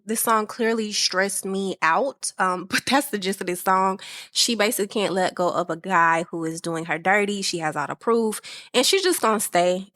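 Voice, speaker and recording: A woman hosting a casual music review podcast, chatty and animated, acting out how her friends react. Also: mid-range voice, no room sound, studio quality. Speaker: podcast host.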